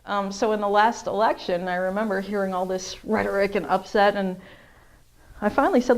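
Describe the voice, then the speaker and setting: Brief: woman vlogger, mid-pitched, reflective and measured, casual opinion monologue. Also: fairly even intonation. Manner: thoughtful, measured, with restarts and small laughs.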